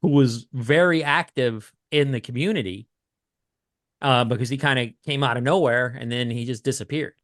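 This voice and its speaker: A man co-hosting a collecting podcast, chatting casually in a rambling, halting way with many restarts. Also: mid-range voice, fairly bright tone, no echo, studio quality. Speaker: podcast co-host. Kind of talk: casual chat.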